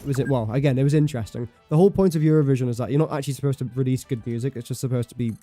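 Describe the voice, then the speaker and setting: A man's voice: medium pitch, racing, warm tone, faint music behind. A young man chatting casually while livestreaming a game, rambling and correcting himself as he talks. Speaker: streamer. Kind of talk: casual gameplay livestream chat.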